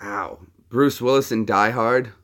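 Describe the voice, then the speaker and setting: A man's voice: medium pitch, steady tone, measured pace, fairly bright tone. A man casually chatting with his live-stream viewers between impressions, rambling and friendly. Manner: chatty, rambling, talks to chat.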